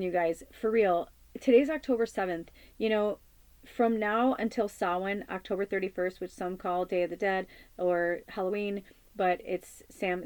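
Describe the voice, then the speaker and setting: A woman's voice: medium pitch, no echo. A woman in her forties, hosting a spiritual talk show, speaking in an earnest, rambling way with many fillers and restarts. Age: 40s. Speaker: spiritual medium hosting a channel. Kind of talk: casual spiritual chat.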